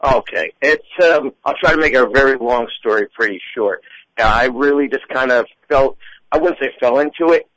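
A man with a mid-pitched voice, worn down because he is losing it, clears his throat and restarts his sentences. He answers a host's questions in a measured way. The recording is dry and close. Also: a bit bright, no room sound, low-quality recording. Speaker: fitness professional guest. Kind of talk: interview answers.

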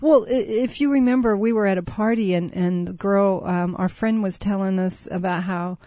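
A woman's voice: mid-range voice, fairly even intonation, normal speed, dark tone, no room sound, clean studio sound. A woman co-hosting a podcast in casual chat, chiming in conversationally. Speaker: podcast co-host.

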